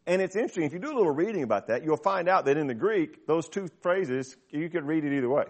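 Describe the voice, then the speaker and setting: A man leads a small Bible study class in a relaxed, conversational way at medium pitch and normal speed. He explains verses plainly and checks in with his listeners.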